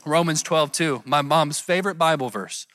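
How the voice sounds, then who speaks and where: A man with a high voice preaching a sermon to his congregation. He talks in a relaxed, conversational way and keeps checking in with rhetorical questions. The sound is dry and close. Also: moderate pace, dry recording. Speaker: pastor.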